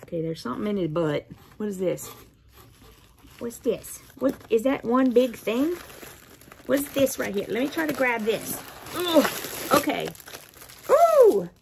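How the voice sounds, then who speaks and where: A woman chatting through an unboxing, cooing playfully at her cat and laughing often. Her voice sits a little high and swings widely in pitch. It has a gravelly, slightly husky edge. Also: expressive, unhurried, pauses often, a little mellow, slight background noise. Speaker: vlog host. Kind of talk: casual unboxing chat.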